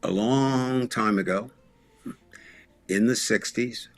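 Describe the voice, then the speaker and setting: A man co-hosting a political talk show, speaking in a measured, storytelling way. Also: medium pitch, no room sound. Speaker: podcast co-host.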